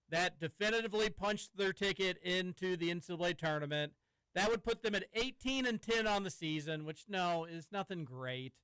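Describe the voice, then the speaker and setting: A man's voice: sits high, sharp tone, clear, resonant tone, dry recording, poor audio. A man hosting a sports talk radio show from a studio, talking casually and rambling with some stammering. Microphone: studio microphone.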